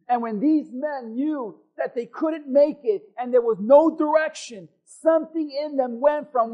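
High-voiced, slow preaching man. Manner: dramatic preaching, swings from loud to hushed. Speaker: pastor. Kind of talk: sermon. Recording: thin phone-like sound.

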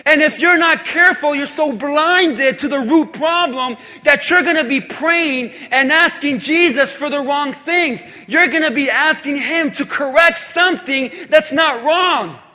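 A man preaching a sermon as pastor, emphatic and repetitive, swinging from loud declarations to quiet intensity, in a large church hall. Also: very high-pitched, a little slow, hardly any pauses. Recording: long hall reverb.

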